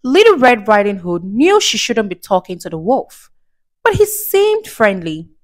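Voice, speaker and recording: A woman reading a storybook aloud for children, her pitch swooping up and down with lively expression. She takes the story at an unhurried pace, lingering over each phrase. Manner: slow, expressive and warmly animated.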